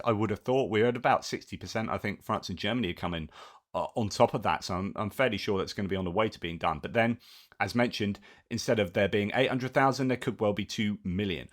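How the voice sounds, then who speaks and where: A man hosting a casual news commentary, talking in a chatty way with self-corrections and asides, and reading quotes aloud in between. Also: medium pitch.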